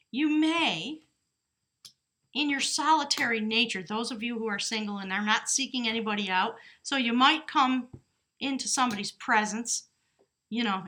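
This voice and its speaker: Seated at her home desk beside an open door in a small house, a tarot reader speaks at a fairly high pitch with a sharp tone. Her reading is chatty and casual, full of laughter, pauses to question her spirit guides, and mid-sentence self-corrections.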